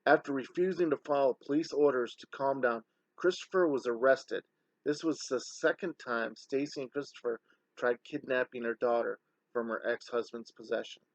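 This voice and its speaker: A man talking in a heated, scornful commentary voice-over, throwing insults as he lays out his case. His voice sits at an ordinary middle pitch. The sound is dry and close, with a muffled, lo-fi edge. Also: moderate pace, no echo. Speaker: online scam-exposing commentator.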